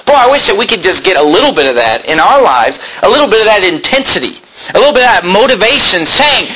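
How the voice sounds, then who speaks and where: High, bright-voiced fervent preacher man. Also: sing-song, fast talker, slight background noise, rough recording. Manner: intense preaching, rising to shouts when quoting, with stammered restarts. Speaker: pastor. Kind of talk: fervent sermon.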